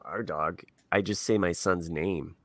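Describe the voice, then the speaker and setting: A man's voice: low-pitched, slow pace, a bit bright, dry recording. A man co-hosting a podcast, chatting casually and rambling through anecdotes. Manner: rambling, laughs easily. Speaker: podcast co-host. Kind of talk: casual chat.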